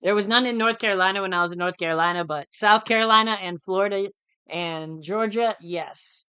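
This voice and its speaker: This American man day trades on a live stream, keeping the talk casual and laid-back, full of slang and repeated phrases, and he calls listeners dude and bro. He speaks briskly in a high voice with a sharp, clean tone, and there's no room sound.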